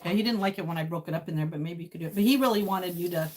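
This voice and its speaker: A woman's voice: on the low side, rapid-fire, a little mellow. Woman livestream host, chatty and casual, greets viewers between bites.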